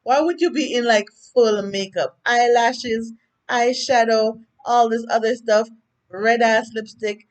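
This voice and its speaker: Fairly high-pitched and steady, a touch slow, a Jamaican woman vlogs a casual TV episode recap. She chats away, strays into tangents, and acts out what the characters said.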